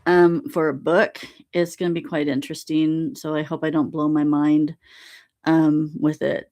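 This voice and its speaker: A woman's voice: low voice, normal speed. A woman hosting a live stream, chatting casually and acting out quoted exchanges with lots of laughter. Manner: animated storytelling, laughs often, acts out quoted exchanges.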